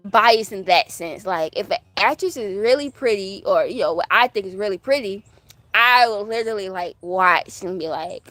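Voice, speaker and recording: A woman's voice: a little high, animated, moderate pace, a bit bright. A woman hosting her own channel, chatting casually and rambling through asides as she answers viewer questions. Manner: fan of classic TV soaps. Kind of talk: casual chat.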